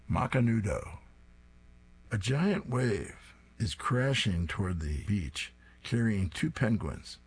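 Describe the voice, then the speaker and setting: A man's voice: lowish voice, animated, takes it slowly, husky. A man reading comic strips aloud, describing each panel in a plain, descriptive way. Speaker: reader.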